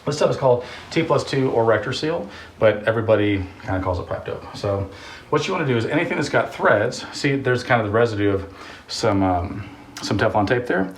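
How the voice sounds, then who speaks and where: A man's voice: mid-range voice, lively intonation, fairly quick, a little hiss or hum. A man hosting a home repair video who rambles through a story with jokey asides, then explains plumbing steps casually. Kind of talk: casual storytelling and DIY instruction. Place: work area during a water heater install. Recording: echoey room, mic at a distance.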